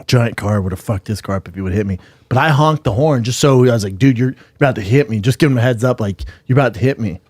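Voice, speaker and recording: A man's voice: mid-range voice, fast, few pauses, a little mellow, no room sound. A man co-hosting a podcast, telling a rambling, profane story in casual chat and acting out what people said. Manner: rambling anecdote, swears, acts out quotes. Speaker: podcast co-host.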